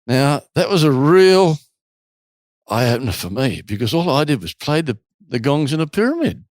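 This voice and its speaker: Animated male storyteller, dry sound. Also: fairly high pitch, normal speed, dry recording. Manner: animated storyteller, acts out quotes. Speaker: retreat host. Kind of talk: storytelling in an interview.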